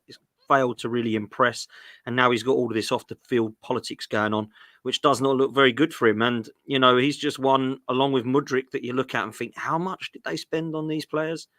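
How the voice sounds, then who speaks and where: A man's voice: medium pitch, a bit bright, dry recording, clean studio sound. A man on a fan podcast, conversational, conceding some points before arguing back about transfers. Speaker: football podcast panelist, fan of a rival club. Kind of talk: casual fan podcast debate.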